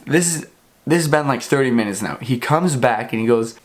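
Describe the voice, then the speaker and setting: A young man tells a story to camera in a casual, animated way. He swears freely and acts out both sides of the exchange, and his voice sits at a middling pitch. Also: moderate pace. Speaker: vlogger.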